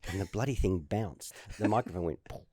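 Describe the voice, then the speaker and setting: A former tennis player from Australia, now in his fifties, talks in a low voice at a slightly fast pace, recorded cleanly in a studio with no echo. He's a guest in a casual chat, telling stories lively and acting out what people said.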